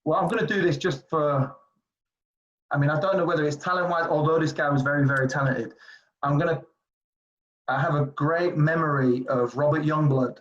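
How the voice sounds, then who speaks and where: A man in his forties from England, telling basketball stories in a casual interview, animated and rambling with many fillers. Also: on the high side, moderate pace. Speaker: streetball player guest. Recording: dull lo-fi audio.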